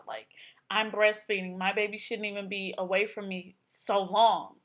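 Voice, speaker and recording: A young woman speaking to her camera in a casual vlog. Her voice sits at a middle pitch, and her delivery is chatty and loose. She keeps saying "like" and acts out what others said. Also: flat delivery, normal speed, fairly bright tone. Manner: chatty, filler-heavy, acts out quotes. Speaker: vlogger. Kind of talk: casual personal storytelling.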